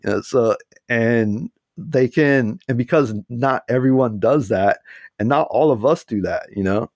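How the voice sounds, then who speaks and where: A man's voice: mid-range voice, measured pace, a little mellow, no echo, studio quality. An American man talking casually as a podcast guest, loose and chatty with lots of fillers. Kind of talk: casual interview talk.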